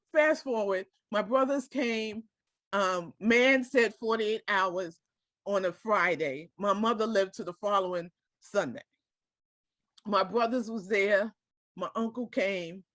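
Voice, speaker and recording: A woman's voice: medium pitch, a bit bright, no echo, studio quality. A woman telling a personal story to a small group, speaking directly and emotionally and often checking that her listeners follow her.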